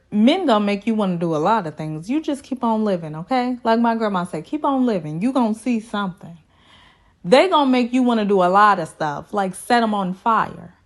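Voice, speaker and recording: Sassy chatty woman recapping TV. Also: mid-range voice. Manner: sassy, chatty, talks straight to viewers; retells scenes in quick back-and-forth dialogue. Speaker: reality TV recap host. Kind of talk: casual recap commentary.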